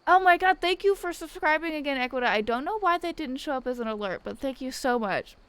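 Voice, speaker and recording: A woman's voice: high voice, animated, fast, fairly bright tone, dry recording, rough recording. Rambling, profane young woman streamer. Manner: rambling, profane, laughing storytelling. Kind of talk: casual chat while gaming.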